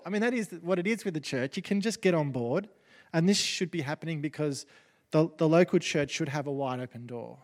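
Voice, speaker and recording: Brief: male preacher, slightly high voice, chatty and self-deprecating, reverberant church. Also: expressive, fairly quick, a little mellow. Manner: conversational, self-deprecating, with fillers and restarts. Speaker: pastor. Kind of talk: sermon. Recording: long reverb of a large hall.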